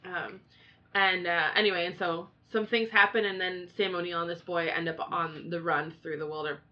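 A woman co-hosting a casual chat, rambling and animated with many fillers. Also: lowish voice, moderate pace. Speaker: podcast co-host. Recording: dull lo-fi sound.

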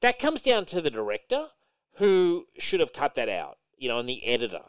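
A man talking casually as a podcast co-host, his pitch swinging up and down as he gets animated. He is opinionated and swears freely. The recording is dry and close, with no room sound. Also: moderate pace, no room sound, poor audio. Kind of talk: casual chat.

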